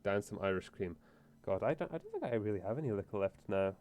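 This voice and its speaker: A man's voice: on the low side, very animated, quick pace, a little mellow, slight background noise. A man streaming a game, chatting casually in a rambling, profane, self-interrupting way. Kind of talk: casual let's-play chat.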